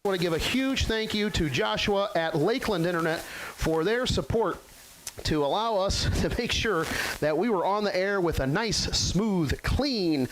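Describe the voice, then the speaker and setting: A high-pitched man in his forties calls a local football game live for a webcast. He talks with folksy, excitable hype, and a faint noise sits under his voice. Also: low-quality recording. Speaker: play-by-play announcer. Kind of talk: local sports webcast commentary.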